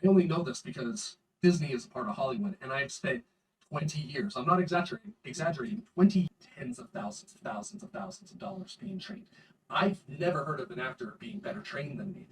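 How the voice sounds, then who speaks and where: A man's voice: on the high side, animated, fairly quick, recorded from a distance, slight background noise, rough recording. A man speaking insistently to camera in a video clip that is played back during the interview. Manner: emphatic, insistent.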